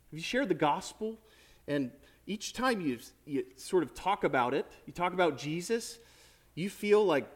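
A priest with a slightly high voice preaches a sermon, addressing his congregation in a lively, conversational way full of asides.

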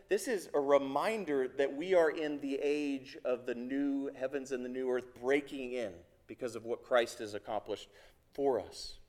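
A man's voice: medium pitch, steady tone, moderate pace, darkish tone. A man preaching a sermon as pastor, earnest and emphatic, repeating key phrases for weight.

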